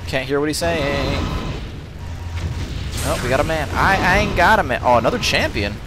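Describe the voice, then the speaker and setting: A man's voice: fairly high pitch, lively intonation, normal speed. A man giving casual gameplay commentary, muttering, joking and swearing, with game music behind him. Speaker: let's play host.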